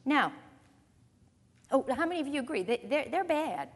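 A woman's voice: high-pitched, big pitch swings, moderate pace. A woman teaching a sermon. She reads scripture aloud and puts pointed questions to her listeners. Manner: emphatic, questions the audience directly. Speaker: Bible teacher. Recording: reverberant hall sound.

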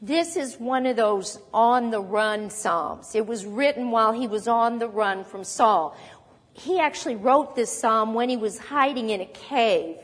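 A woman preacher in a church, giving a sermon in an animated storytelling manner with conversational asides. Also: fairly high pitch, a little slow, in a large hall.

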